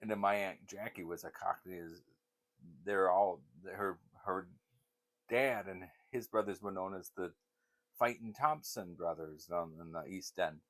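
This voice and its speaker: An older man hosts his channel, telling rambling, meandering stories with frequent restarts and laughter in casual storytelling. His voice is low-pitched and fairly bright in tone, at a measured pace.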